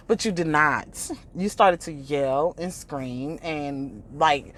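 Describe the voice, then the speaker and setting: A woman's voice: low voice, takes it slowly, hardly any pauses, fairly bright tone. A woman vlogger ranting casually in an exasperated, mocking tone, laughing often and breaking into quoted impressions. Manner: imitates others in quoted asides. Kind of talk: casual reaction rant.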